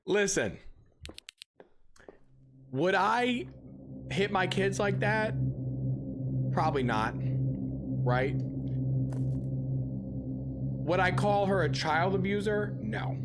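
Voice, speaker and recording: A man's voice: sits high, slow pace, pauses often, heavy background noise. A young adult man streaming a game, ranting with heavy swearing and telling stories in a casual way. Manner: profane ranting with animated storytelling. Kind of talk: casual live-stream chat.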